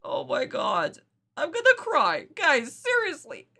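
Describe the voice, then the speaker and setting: A woman hosting a casual reaction video, excitable and dramatic, with frequent exclamations. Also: high-pitched, slow pace, vocal fry, over loud music.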